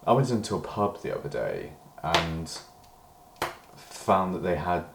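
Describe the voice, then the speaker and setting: A man's voice: low-pitched, very animated, measured pace, vocal fry, reverberant, noisy background. A British man in a rambling personal diary monologue, meandering and hedging, swearing when he gets worked up. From Britain. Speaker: diary vlogger.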